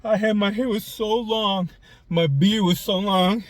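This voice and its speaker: A man in his forties hosts a confessional vlog from a parked car, speaking in a high, steady voice at an unhurried pace with no echo. Raw and emotional, he swears freely and chokes up, tearful as he talks.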